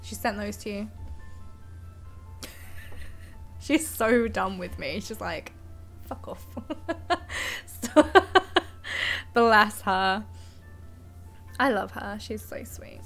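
A woman's voice: medium pitch, very slow, pauses often, fairly bright tone, faint music behind. A young woman chatting casually on her live stream, giggly and affectionate toward her cat, speaking into a desk mic at home. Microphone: desk microphone.

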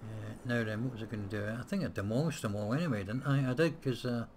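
A man's voice: medium pitch, quick pace, darkish tone, slight background noise. A man hosting a casual let's-play, thinking aloud as he plays, with frequent hesitations and the odd blunt swear word. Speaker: gameplay host.

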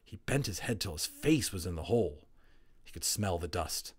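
A man narrating a children's novel aloud, expressive and building tension, dropping to hushed tones in quiet moments. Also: low voice, normal speed, husky. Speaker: audiobook narrator. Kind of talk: storybook read-aloud narration.

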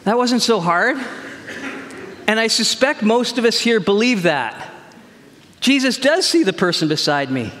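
A male pastor preaching in a church sanctuary, with a fairly high voice for a man. He talks conversationally and tells stories with lively quoted dialogue, and the sound carries a long hall reverb. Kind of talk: sermon with personal story.

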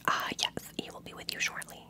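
A woman's voice: brisk, sharp tone. A woman voicing a courteous female receptionist with a put-on accent, in whispered role-play. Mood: polite. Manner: courteous, calls people dear.

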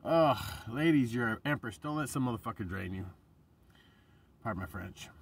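Husky, profane man rambling passionately. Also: mid-range voice, animated, normal speed, recorded from a distance. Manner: passionate, profane, meandering with frequent restarts. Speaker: vlogger. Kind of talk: casual rambling monologue to camera.

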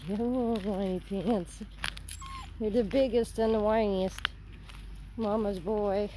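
Slow-talking woman coaxing a puppy. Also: medium pitch, steady tone. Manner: soothing, coaxing baby talk to a puppy. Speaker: dog breeder. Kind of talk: casual talk to a puppy. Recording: noisy background.

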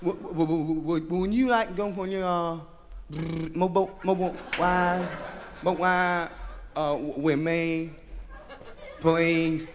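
A man voicing a crude boat-owning lowlife, stammering and drawling in a low put-on voice. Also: fairly even intonation, takes it slowly, big-room sound, a little hiss or hum. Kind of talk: stand-up comedy.

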